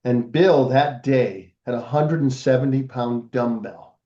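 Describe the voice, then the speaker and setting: A man's voice: mid-range voice, a little slow, dark tone, highs cut off. An older man, a podcast guest, telling a family story in a casual interview and acting out the voices of the people in it.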